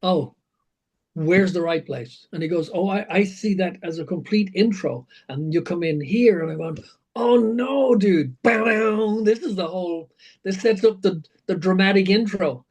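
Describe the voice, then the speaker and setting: High-voiced older man telling rock stories. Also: moderate pace, low-quality recording. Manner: animated anecdotes, acts out quotes, swears, laughs. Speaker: rock singer, interview guest. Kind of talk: storytelling interview.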